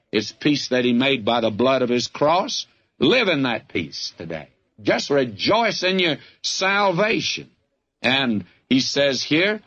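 A man's voice: medium pitch, a bit bright, lo-fi sound. An older man with a Southern US accent, preaching a folksy, fervent radio sermon that keeps calling the listener "friend". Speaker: radio Bible teacher.

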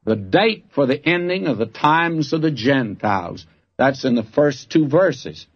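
A man's voice: medium pitch, expressive, a little slow, slightly rough. An older man giving a folksy, earnest Bible teaching, speaking to listeners as his friends. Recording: dull lo-fi archival recording.

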